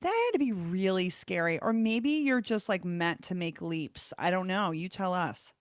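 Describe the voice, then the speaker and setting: A woman's voice: fairly low pitch, expressive, moderate pace, clear, resonant tone, no echo, clean studio sound. A woman hosting a podcast interview, upbeat and chatty, often laughing along with her guest. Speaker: podcast host. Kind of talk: casual interview.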